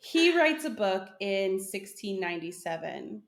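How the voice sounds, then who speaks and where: A woman's voice: mid-range voice, big pitch swings, a little slow, vocal fry. This is a woman co-hosting a podcast, chatting casually and easily. She talks loosely, full of fillers, and she laughs often. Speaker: podcast co-host. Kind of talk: casual chat.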